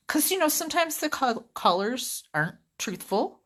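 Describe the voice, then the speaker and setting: A woman's voice: lowish voice, expressive, normal speed, a bit bright. Chatty woman ranting about work. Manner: chatty, rambling, easily sidetracked. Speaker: vlogger, customer service rep. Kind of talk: casual vlog rant.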